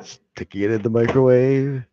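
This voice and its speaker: A man's voice: mid-range voice, steady tone, moderate pace, dark tone. A man hosting a casual late-night livestream from home, rambling, joking and laughing often. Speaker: livestream host. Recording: dull dry home mic.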